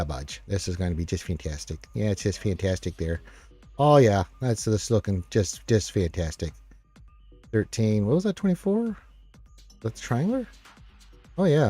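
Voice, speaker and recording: A man's voice: lowish voice, sing-song, moderate pace, warm tone, no room sound, faint music behind. A man hosting a casual live stream, reading viewer comments aloud in an upbeat, rambling way with many fillers.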